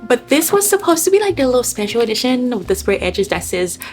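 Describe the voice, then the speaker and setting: A woman's voice: fast, soft background music. Gushing young woman chatting about books. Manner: animated, gushing, swings between low murmurs and excited high bursts. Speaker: vlogger. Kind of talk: casual chat.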